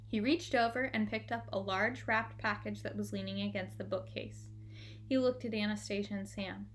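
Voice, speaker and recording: A woman narrating a children's book aloud in a gentle, expressive way. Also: medium pitch, normal speed, a little hiss or hum. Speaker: audiobook reader. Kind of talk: storybook narration.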